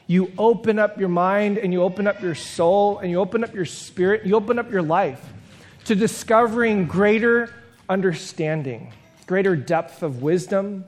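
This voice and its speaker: High-voiced male pastor, reflective. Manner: reflective, builds long lists with falling pitch; self-deprecating, conversational asides. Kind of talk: sermon.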